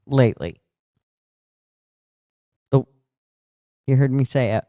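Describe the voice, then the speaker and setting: Slow, tired livestream host. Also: mid-range voice, animated, warm tone, no room sound. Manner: loose and chatty, talking back to the chat. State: tired, yawning. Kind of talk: casual political chat, reading viewer comments aloud.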